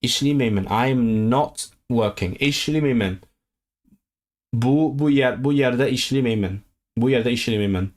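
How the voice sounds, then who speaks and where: A man streaming himself as he studies a language, drilling phrases aloud in a halting, repetitive self-talk. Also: medium pitch. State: sore throat. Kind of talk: casual livestream study session.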